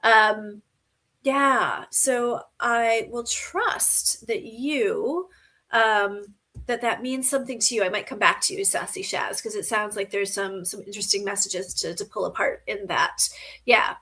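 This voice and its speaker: A woman hosting a live stream, reading viewer comments and giving gentle spiritual guidance with frequent ums and "right?". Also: mid-range voice, fairly even intonation, moderate pace. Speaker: host.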